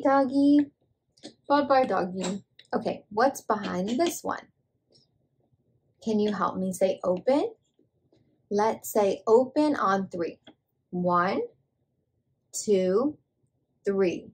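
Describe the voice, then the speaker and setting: Slow sing-song woman talking to toddlers. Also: fairly high pitch, animated, slightly rough. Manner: animal sounds and questions to the viewer. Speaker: children's show host.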